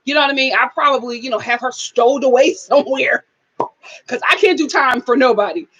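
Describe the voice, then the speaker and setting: A woman's voice: high voice, fairly quick, a bit bright, slightly rough, muffled recording. A woman hosting a live reality-TV review in a casual chat style, sassy and emphatic, scolding the people she discusses. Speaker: show host.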